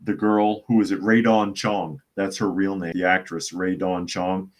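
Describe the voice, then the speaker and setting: A man's voice: deep voice, fairly even intonation, unhurried. A man hosting a casual live stream, chatting and reading viewer comments aloud between laughs. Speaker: host.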